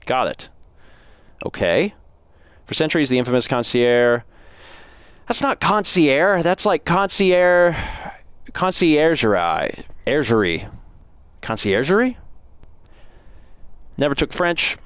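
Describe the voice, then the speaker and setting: Animated man playing a game. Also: mid-range voice, dry recording. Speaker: gaming channel host. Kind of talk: casual let's-play commentary and reading on-screen text.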